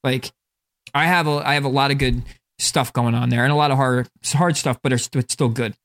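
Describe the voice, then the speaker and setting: A man's voice: medium pitch, fairly even intonation, fairly quick, fairly bright tone. A man from northern New Jersey, co-hosting a podcast in casual chat, rambling with lots of "like", restarts and swearing. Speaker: podcast co-host.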